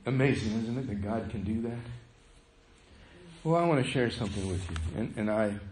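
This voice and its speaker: A man preaching a sermon as pastor, animated, swinging from loud to hushed. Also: on the low side, moderate pace. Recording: echoey room, faint noise.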